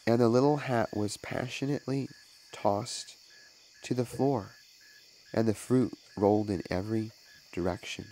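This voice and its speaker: Minister reading a children's moral story: low, unhurried, deliberate. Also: male voice, warm tone, poor audio.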